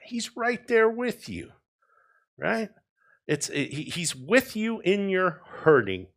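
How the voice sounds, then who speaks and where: Lively conversational male preacher. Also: fairly high pitch. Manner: conversational, asks "right?" often, swings from soft to emphatic. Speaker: pastor. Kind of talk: expository sermon.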